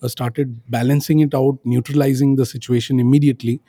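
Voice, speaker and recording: A man's voice: mid-range voice, little pitch movement, a little fast, dark tone, husky, dry recording, clean studio sound. A man co-hosting a casual parenting chat, telling stories and rambling with plenty of fillers and restarts. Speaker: podcast co-host, father. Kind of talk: casual conversation.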